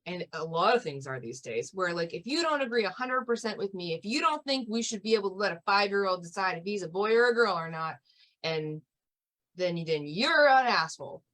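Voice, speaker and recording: A woman speaks in a casual podcast conversation at a mid-range pitch. She talks thoughtfully, hedging her views and laughing often. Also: expressive, fairly quick, a bit bright.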